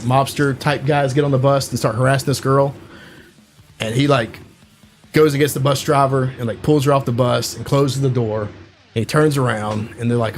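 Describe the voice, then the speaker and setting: Podcast co-host, a man, loose rambling recap of a film with faint music behind him. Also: mid-range voice. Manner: rambling, full of "like" and "you know". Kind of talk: casual chat retelling a movie plot.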